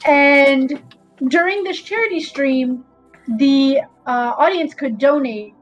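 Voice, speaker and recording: High-voiced woman, hesitant and casual. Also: dull audio. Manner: hesitant, lots of fillers. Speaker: tabletop game player, guest panelist. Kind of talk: casual streamed Q&A chat.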